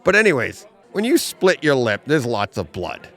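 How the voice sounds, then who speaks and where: Animated man telling a story in a comic shop. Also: medium pitch, normal speed, soft background music. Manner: animated storyteller, laughs through his own jokes. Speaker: podcast co-host. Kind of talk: casual chat. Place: comic book store.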